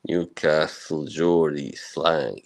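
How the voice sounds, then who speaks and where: A man's voice: rumbling low, takes it slowly, creaky, rough recording. A man hosting a live stream, casually chatting and answering viewer comments, chuckling often between remarks.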